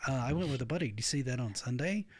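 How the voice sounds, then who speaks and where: A man's voice: medium pitch, animated, quick pace, slightly rough. A middle-aged man hosting a casual podcast chat, rambling with frequent restarts and laughing often. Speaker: podcast host.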